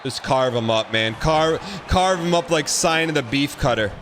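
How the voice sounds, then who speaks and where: Bright-voiced man calling his own game. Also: on the high side, moderate pace, soft background music. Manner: excitable, repeats phrases, talks to the players. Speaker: streamer. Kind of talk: live gameplay commentary.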